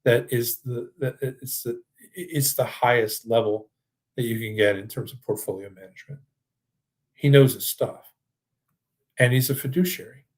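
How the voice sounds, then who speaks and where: An older man leads an online financial workshop in a mid-pitched, ordinary voice. He talks in an eager, salesy way, stumbles and restarts often, then moves into a casual question-and-answer session. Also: darkish tone. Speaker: financial advisor hosting a webinar. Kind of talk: presentation and live Q&A.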